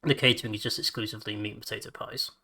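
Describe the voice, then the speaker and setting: A man hosts a relaxed podcast chat with friends. His voice is bright and ringing, and he laughs readily. He trips over repeated words when he gets excited. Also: fairly low pitch, racing, husky. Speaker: podcast host. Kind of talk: casual chat.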